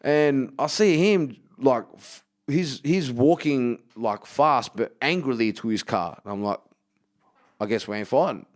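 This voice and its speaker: A man's voice: mid-range voice, measured pace. A man, a comedian guest, telling a story in casual podcast chat, swearing a lot and acting out what people said. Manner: animated storyteller, heavy swearing, acts out quotes.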